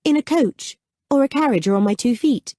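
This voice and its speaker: A woman narrator voicing a blunt, prickly young banker's daughter, raising her voice high and speaking emphatically. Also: animated, brisk, mellow, dry recording, studio quality. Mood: insistent.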